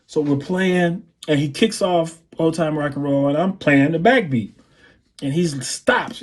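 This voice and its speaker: A man, a drummer and guest on an interview show, telling anecdotes in a relaxed way and scatting drum patterns. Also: a little high, slightly rough. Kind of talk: interview storytelling.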